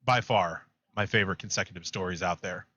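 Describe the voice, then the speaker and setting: A man co-hosting a podcast, retelling a myth in a rambling, animated way. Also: low voice, brisk, dry recording, dull audio. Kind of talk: casual chat, storytelling.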